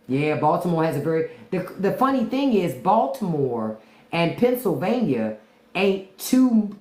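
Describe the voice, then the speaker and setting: A low-voiced woman with a D.C. chats candidly on a livestream, her pitch swinging up and down as she talks. She laughs often and drops into imitations of how people speak in other cities. The room is echoey around her. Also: big pitch swings, normal speed, a little mellow. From Washington, D.C. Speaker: podcast host on a livestream. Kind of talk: casual livestream chat answering viewers.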